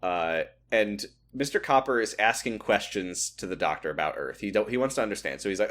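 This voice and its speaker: A man's voice: lowish voice, a little fast, few pauses. A man co-hosting a podcast, recapping a TV episode in casual chat and acting out the characters' lines. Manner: lively, animated storytelling with quoted voices. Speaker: podcast co-host.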